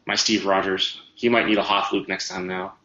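Low-voiced man in an echoey room. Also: flat delivery, moderate pace, pushed and bright. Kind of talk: casual chat about retro cartoons and toys. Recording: dull lo-fi roomy sound.

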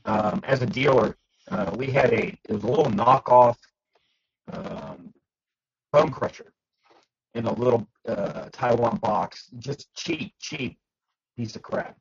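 Gravelly man telling animated stories. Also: mid-range voice, slow, pauses often, dull audio. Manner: animated storyteller, acts out quotes. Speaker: podcast panelist, toy dealer. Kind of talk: casual storytelling chat.

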